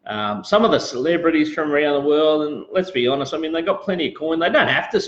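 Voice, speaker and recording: A man's voice: a little high, expressive, fast talker. Australian male host, laid-back and rambling, casual live-stream chat, roomy lo-fi sound. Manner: rambling, laid-back, greets viewers, frequent fillers.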